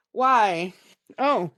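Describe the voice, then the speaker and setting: Rambling woman podcast co-host, animated pitch, dry close sound, laughs and swears often. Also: no echo. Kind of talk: casual chat.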